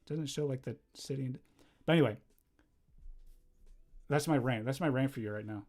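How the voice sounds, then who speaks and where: A young man chatting casually on a livestream while drawing, rambling and easily distracted, breaking into quick laughs. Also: mid-range voice, darkish tone. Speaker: livestreamer and animator.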